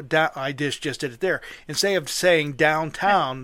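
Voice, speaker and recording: A man's voice: a little high, moderate pace, pushed and bright, dry recording. An older man from Western Pennsylvania with a local accent, hosting a casual chat and explaining things at length with enthusiasm. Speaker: host. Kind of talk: casual conversation.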